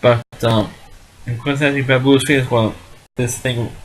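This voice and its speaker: A man's voice: medium pitch, fairly even intonation, unhurried, low-quality recording. A man giving a casual spoken review of an old sitcom, blunt and dismissive, rambling and often restarting his sentences.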